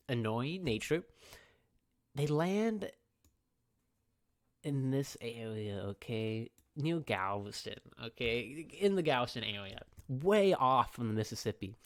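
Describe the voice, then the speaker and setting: A man's voice: mid-range voice, lively intonation, takes it slowly. A young man, a teacher giving a recorded review lecture, laid-back and repetitive, often checking in with "okay?". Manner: casual, repeats points and checks in with "okay?".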